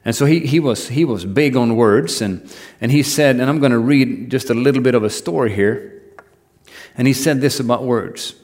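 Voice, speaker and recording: A man's voice: mid-range voice, normal speed, a little mellow. A man preaching a sermon, earnest and building emphasis as he repeats phrases.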